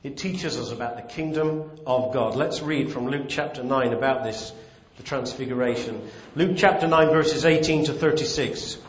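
A man's voice: mid-range voice, normal speed, hardly any pauses. A man preaching a sermon and reading scripture, emphatic and repeating key phrases for weight. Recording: roomy, dull lo-fi sound.

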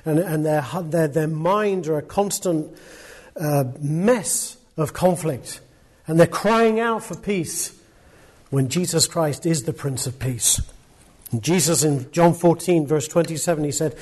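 Male preacher, high voice, earnest, emphatic, repeats key words, sermon delivery. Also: unhurried, darkish tone, husky.

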